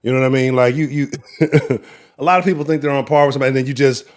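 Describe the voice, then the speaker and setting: A man hosting a live sports talk show, giving profane, animated, trash-talking commentary. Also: medium pitch, rapid-fire. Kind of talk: casual livestream sports commentary.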